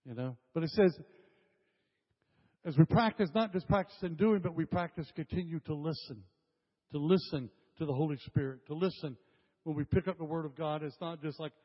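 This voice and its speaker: An older male pastor preaches with emphasis, his somewhat high voice hammering phrases home again and again. The sound is dull and lo-fi, carrying a long reverb off a church hall. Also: moderate pace, husky. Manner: emphatic, repeats phrases, addresses the congregation directly. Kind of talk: sermon.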